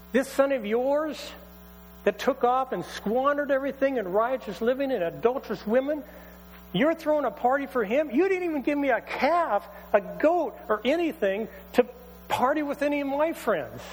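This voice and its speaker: A preacher putting on a bitter young older brother who rises into a high, outraged pitch. His complaints ring through a reverberant hall with a faint electrical hum underneath. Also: expressive. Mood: indignant. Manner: shrill, outraged, rapid complaining. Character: resentful older brother, young man, indignant.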